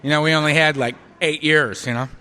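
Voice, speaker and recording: A middle-aged man speaking at a recovery meeting, telling a story with an animated, self-mocking sense of humor. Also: on the high side, brisk, a little hiss or hum. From United States. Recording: hall reverb, live talk recording.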